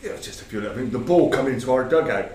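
A man's voice: medium pitch, lively intonation, rapid-fire, a little mellow. A man over fifty, a former football manager casually telling rambling anecdotes, quoting himself and laughing along. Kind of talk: casual storytelling. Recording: roomy, distant mic, background noise.

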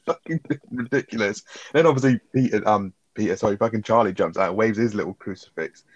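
A man's voice: on the low side, fast, no echo. A man talking casually about a film on a podcast, swearing often and laughing as he talks. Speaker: podcast co-host.

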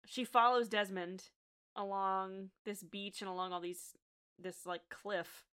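A woman co-hosts a casual podcast, retelling a TV episode scene by scene. She laughs often and gets animated, with a bright, forceful tone. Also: medium pitch, slow, smooth. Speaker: podcast co-host. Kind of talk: casual chat, recapping a TV episode.

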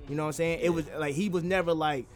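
A man's voice: fairly high pitch, fairly even intonation, fast talker, soft background music. A man in casual podcast chat, loose and slangy, filling his talk with "like" and "you know what I'm saying". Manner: loose, slangy, full of fillers.

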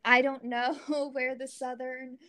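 A woman's voice: high voice, little pitch movement, measured pace, sharp tone. A woman in her twenties from Oregon, a golfer and influencer, chatting casually and upbeat as an interview guest, laughing often.

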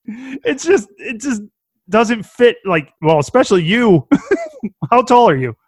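A man with a Welsh accent in casual podcast chat, animated, laughing often and swearing casually. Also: sits high, a little slow, no echo.

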